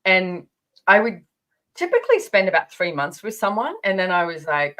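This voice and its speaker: A woman's voice: mid-range voice, very animated, moderate pace, fairly bright tone. A woman in her fifties, a podcast guest, talking frankly and candidly in a casual interview, swearing freely and restarting her sentences. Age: 50s.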